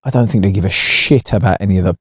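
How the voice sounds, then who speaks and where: A man, co-hosting a podcast in animated, slangy, sweary banter. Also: deep voice, fast talker, breathy edge, no room sound, clean studio sound. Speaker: podcast co-host. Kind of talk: casual banter.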